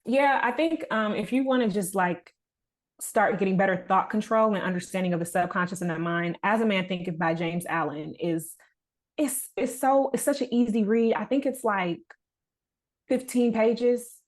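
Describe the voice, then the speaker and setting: A woman's voice: mid-range voice, normal speed. A young adult woman speaking as a podcast guest in casual conversation, earnest and reflective with a motivational push.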